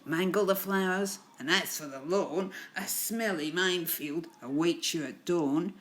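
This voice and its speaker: A woman voicing a tough male gangster boss cat, snarling loud, forceful threats. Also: on the low side, unhurried. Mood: threatening.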